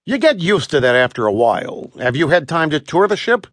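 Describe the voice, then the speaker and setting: A man's voice: on the high side, big pitch swings, a little fast, a bit bright, no echo, clean studio sound. A friendly pilgrim leader, as a male narrator plays him. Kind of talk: audiobook character voice.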